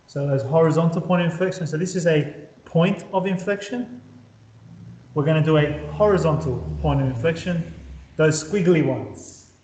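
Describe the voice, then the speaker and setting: A man's voice: a little high, normal speed, darkish tone, echoey room, slight background noise, poor audio. A man teaching a maths lesson at a whiteboard, upbeat, often checking that his students follow. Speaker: maths tutor.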